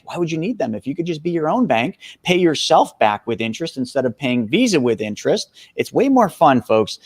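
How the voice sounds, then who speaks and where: A man's voice: medium pitch, no room sound, clean studio sound. A man in his forties, a guest expert on a podcast interview, talking with energy and emphasis and calling the listeners folks. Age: 40s.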